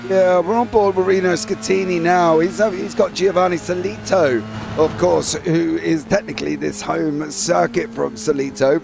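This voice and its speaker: A man's voice: fairly high pitch, creaky. A man giving casual, rambling color commentary on an online sim race.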